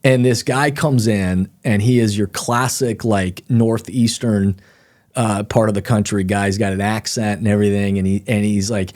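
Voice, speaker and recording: Middle-aged male author guest, lower register, lively storyteller who mimics the people he quotes. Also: moderate pace. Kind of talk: casual interview storytelling.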